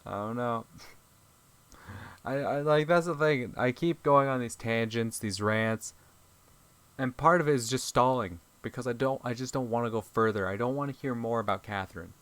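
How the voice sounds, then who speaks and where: A man's voice: mid-range voice, normal speed, fairly bright tone, no echo. A man hosting a gaming video, reading visual-novel lines aloud and breaking into exasperated, profane comic rants.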